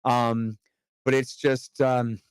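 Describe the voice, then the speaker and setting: A man in casual podcast chat as a guest author, talking in an animated, emphatic way with casual swearing. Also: medium pitch, slow pace, clean tone, no room sound, clean studio sound.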